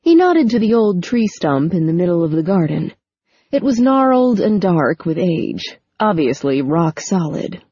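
A woman narrating an audiobook in a steady, even storytelling manner. Her voice sits lowish and sounds mellow with a soft husk. The recording is close, dry and slightly dull. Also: unhurried, husky, no room sound. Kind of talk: scripted narration.

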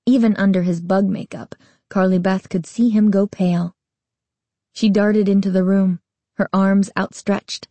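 A woman narrating a storybook aloud with a slow, even reading. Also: mid-range voice, no room sound.

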